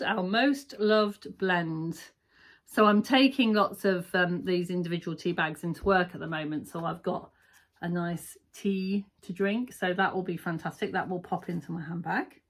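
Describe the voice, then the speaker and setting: A woman talks through a sewing subscription box at home, chatty and full of little asides and ums. Her voice sits at an ordinary middle pitch, and she gushes over each item as she pulls it out. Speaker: sewing vlogger. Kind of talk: casual unboxing chat.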